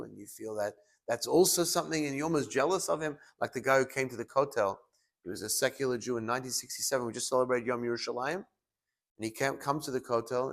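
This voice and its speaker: A male rabbi giving a sermon, telling stories with lively shifts and acting out the people he quotes. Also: medium pitch. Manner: animated storyteller, acting out quoted voices. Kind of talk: sermon with storytelling.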